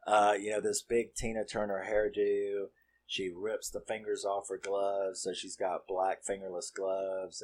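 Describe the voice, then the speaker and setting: A man's voice: on the low side, darkish tone. A man casually retelling a horror comedy's plot, rambling and swearing as he acts out the characters' lines. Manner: rambling, profane, acts out quotes. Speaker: movie reviewer.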